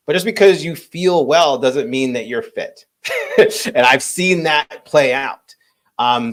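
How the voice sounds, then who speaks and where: A man hosting a podcast, speaking in a reflective, earnest way and often checking in with "right?". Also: medium pitch. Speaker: podcast host. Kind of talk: casual podcast conversation. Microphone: remote video call.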